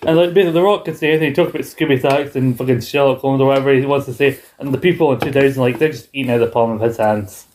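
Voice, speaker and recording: Animated man recapping with laughs. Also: mid-range voice, racing, hardly any pauses, a little hiss or hum. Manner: animated storyteller who acts out quotes and laughs often. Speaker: podcast co-host. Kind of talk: casual chat recapping wrestling.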